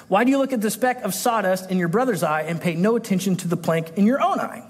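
Male pastor, conversational sermon delivery, high-pitched, long church reverb. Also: animated, fast, hardly any pauses, breathy edge. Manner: conversational, self-interrupting, acts out quoted voices. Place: church sanctuary.

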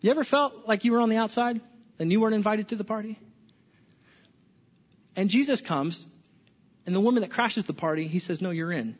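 A man's voice: high voice, brisk, long pauses. A male pastor preaching a conversational sermon to a room, often restarting words and asking the listeners questions. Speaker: pastor overseeing small groups. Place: church hall with an audience. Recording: echoey hall, dull lo-fi sound.

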